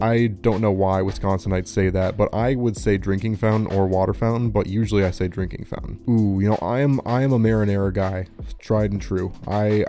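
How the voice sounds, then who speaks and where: A man's voice: on the low side, warm tone. A man from Minnesota, chatting casually and rambling with lots of "like" fillers as he reads quiz questions aloud. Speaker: channel host. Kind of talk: casual vlog chat reading quiz questions.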